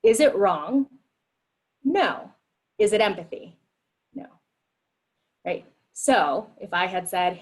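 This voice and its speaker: Woman running a group video call, upbeat, plays out the bad replies in a bouncier voice, middle pitch. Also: lively intonation, takes it slowly, pauses often, poor audio. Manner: upbeat, acts out quoted replies in livelier voice. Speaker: meeting facilitator. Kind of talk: leading a group discussion on empathy.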